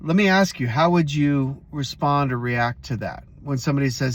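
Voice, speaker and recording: A man's voice: mid-range voice, lively intonation, moderate pace. Casual storytelling male host. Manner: casual, storytelling, addresses viewers directly. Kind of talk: motivational vlog talk.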